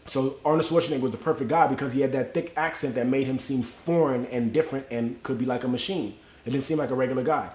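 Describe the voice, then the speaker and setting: A man's voice: medium pitch, quick pace, hardly any pauses, darkish tone, reverberant. A man from Miami hosting a livestream, telling a motivational story in loose, slangy street talk and greeting viewers by name. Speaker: livestream host.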